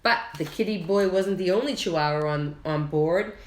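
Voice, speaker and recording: A woman reading a children's picture book aloud, slow and expressive, with lively character voices. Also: fairly low pitch, background noise. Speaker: children's story reader. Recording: echoey room.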